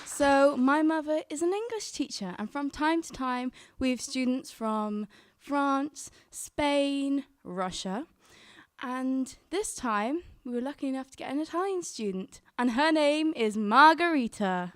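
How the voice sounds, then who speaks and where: Young woman telling a true story on stage, kinda high voice, dry sound. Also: expressive, measured pace, no echo. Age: young adult. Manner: earnest, quotes her own thoughts aloud. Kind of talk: live storytelling.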